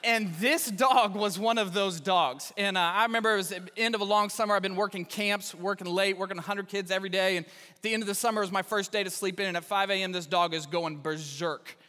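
High bright-voiced male pastor preaching. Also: brisk. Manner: storytelling with self-deprecating humor. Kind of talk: sermon. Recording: reverberant hall.

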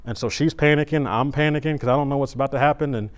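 A middle-aged man preaching at a church service, telling a personal story in a conversational, animated way with frequent restarts. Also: medium pitch, fast, clean tone.

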